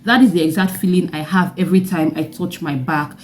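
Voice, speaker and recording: A young Nigerian woman with a Nigerian accent, telling a personal story in a vlog with animated delivery and laughing asides. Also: on the low side, fairly quick. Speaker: vlogger.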